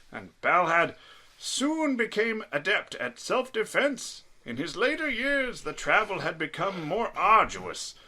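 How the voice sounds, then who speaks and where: A man's voice: high voice, sharp tone, voice pushed up, full character voice. A man putting on a little old man voice to read an elderly dwarf cleric's backstory at a tabletop game. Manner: reads a backstory aloud in a storyteller voice. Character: elderly male dwarf cleric, weathered and stiff. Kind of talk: tabletop character backstory reading.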